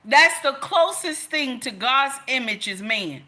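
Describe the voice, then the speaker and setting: High, bright-voiced woman ranting emphatically. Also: lively intonation, measured pace. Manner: emphatic, scolding, repeats lines for effect. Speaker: commentator. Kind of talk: impassioned direct-to-camera rant.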